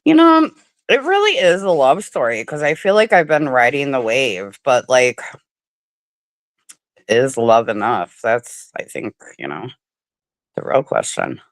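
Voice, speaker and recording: Animated woman chatting on a livestream. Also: very deep voice, unhurried, long pauses, dry recording. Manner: animated, swearing, talks with mouth full. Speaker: livestream guest. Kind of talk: casual livestream chat. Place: home.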